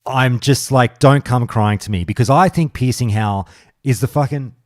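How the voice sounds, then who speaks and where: Heated, swearing podcast host. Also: male voice, medium pitch, moderate pace, a little mellow, no echo, studio quality. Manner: ranting, swears a lot, gets heated. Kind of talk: casual podcast chat.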